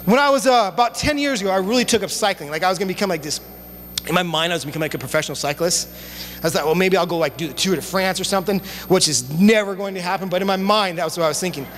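A young male youth pastor with a high, light voice delivers a sermon, chatty and lively, slipping into casual slang as he tells a story. His voice rings with a long reverb through a church hall, with a faint hum underneath. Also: very fast. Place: church sanctuary.

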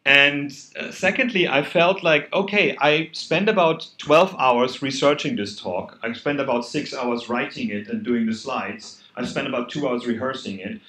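A man's voice: mid-range voice, moderate pace, few pauses. German-accented man giving an echoey talk. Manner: earnest, conversational, animated emphasis. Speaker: conference speaker. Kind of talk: conference talk. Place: hall at a hackday event.

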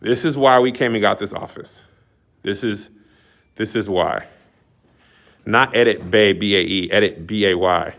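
A man's voice: on the low side, measured pace. Man, studio owner, casual walk-and-talk tour, showman hype, camera mic in an empty building. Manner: excitable, showman-like announcing. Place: large empty commercial building.

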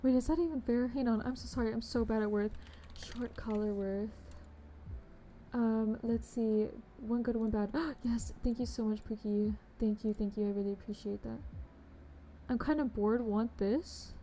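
A woman's voice: a little high, steady tone, moderate pace, dark tone. Bubbly young woman live-streaming. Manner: bubbly, chatty, greets viewers with pet names. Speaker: game streamer. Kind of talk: casual live-stream chat. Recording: faint background noise.

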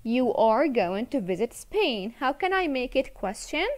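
A woman's voice: on the high side, sing-song, measured pace. A woman teaching an English video lesson to children, encouraging, repeating words and switching into to explain.

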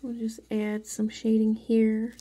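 A woman casually talking viewers through a drawing tutorial, chatty and softly spoken, with rambling asides. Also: a little high, monotone, slow. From Mexican background.

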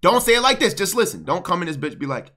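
A man in his twenties coaching a friend on a stream with a headset mic, bossy and fast-talking. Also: sits high, very animated, bright, forceful tone. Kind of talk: casual stream chat. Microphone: gaming headset.

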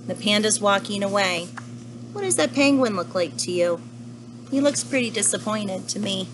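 A young woman teacher reads a children's picture book aloud, pausing gently to ask her young listeners questions. Her voice sits at a middle pitch, and there is a noticeable hiss throughout the recording. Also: animated. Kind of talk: children's story read-aloud.

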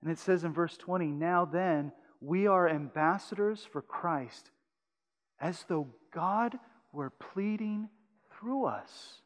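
High-voiced pastor preaching in a reverberant hall. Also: male voice, slow pace. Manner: swings from loud urgent pleading to hushed intimate tones. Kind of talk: sermon. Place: church sanctuary.

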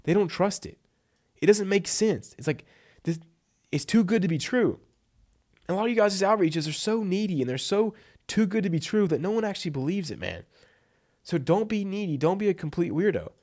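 A man's voice: high voice, lively intonation, fairly quick, darkish tone. A man giving blunt, emphatic copywriting advice in a casual vlog, tossing in "like" and "right?" as he goes. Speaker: freelance copywriting coach.

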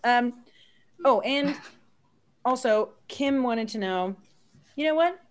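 A woman comedian hosting a casual live-stream interview, telling stories in a chatty, animated way with many fillers. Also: fairly high pitch, slow pace, clean tone. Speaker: comedian host.

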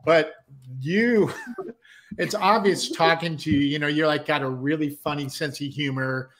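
Male host with a somewhat high, bright, forceful voice, loose and swearing freely. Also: steady tone, unhurried. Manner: enthusiastic and profane, laughing often, with "man" and "you know". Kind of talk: casual podcast chat.

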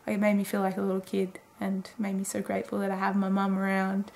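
A woman's voice: medium pitch, completely flat delivery, fast talker, creaky, a little mellow, a little hiss or hum. A woman in her twenties rambling casually through a late-night video diary, chatty and full of fillers. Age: 20s. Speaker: daily vlogger.

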